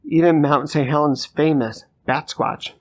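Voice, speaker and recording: A man's voice: fairly high pitch, fairly even intonation, unhurried, darkish tone. A man, a guest podcast host, reading a story aloud while stumbling over words and laughing at himself. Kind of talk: casual chat, reading a story.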